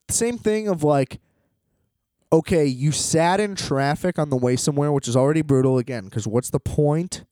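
A man's voice: mid-range voice, mellow, no room sound, studio quality. A man ranting casually about travel hassles, exasperated and profane, laughing often as he talks.

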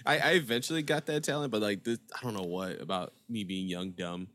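Laughing, animated man telling stories. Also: lowish voice, brisk. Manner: animated, laughing, acts out quotes. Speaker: podcast co-host, former game store worker. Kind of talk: casual chat, storytelling.

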